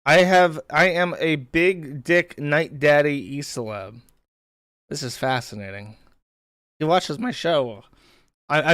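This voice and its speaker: A man's voice: a little high, fairly bright tone, no room sound, clean studio sound. A man hosting a live stream, reacting to a clip and to chat in a profane, incredulous, mocking way. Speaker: streamer host. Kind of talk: casual live-stream commentary.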